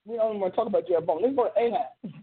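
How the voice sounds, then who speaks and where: A woman who hosts a ministry show, teaching a sermon with emphatic storytelling and drawn-out stresses, in a husky voice. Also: medium pitch, slight background noise. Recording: tinny phone-line sound.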